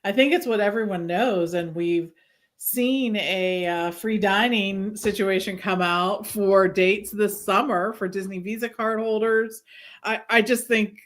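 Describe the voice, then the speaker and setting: A woman's voice: medium pitch, steady tone, unhurried. A woman with a mid-range voice chats casually as a podcast co-host. She sounds upbeat and enthusiastic.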